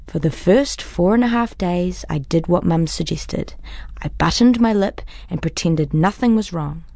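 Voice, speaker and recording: A woman narrates a first-person audiobook in a wry, conversational way. Her voice sits low. The recording is dry and close, with no room sound. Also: a little mellow, dry recording.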